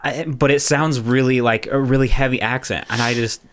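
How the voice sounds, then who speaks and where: A man's voice: mid-range voice, steady tone, moderate pace, a bit bright. A man co-hosting a podcast in casual chat, rambling and laughing often, with many restarts. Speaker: podcast co-host.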